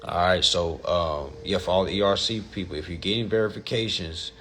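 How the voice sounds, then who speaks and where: A man's voice: low-pitched, fairly quick, fairly bright tone, a little hiss or hum. A man hosting a casual livestream and answering viewer questions, blunt and profane, and often calling his listeners family.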